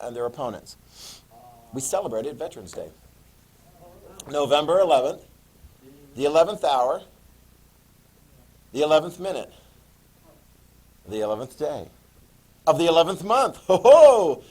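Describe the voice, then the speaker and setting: A man's voice: medium pitch, darkish tone, poor audio. A male history teacher giving a class lecture, joking and making chatty asides to his students.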